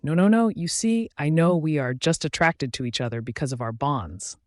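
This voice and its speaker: A flustered young heroine, read by a man, speaks up bluntly and a little higher than the narration around her. She protests in quick, awkward bursts. It is a plain audiobook reading, close and dry. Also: no echo, lightly acted.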